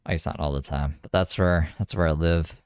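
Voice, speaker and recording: A man's voice: rumbling low, fairly even intonation, brisk, darkish tone, clear, resonant tone, no echo. A Canadian man streaming live, chatting and joking with his viewers in a loose, casual way.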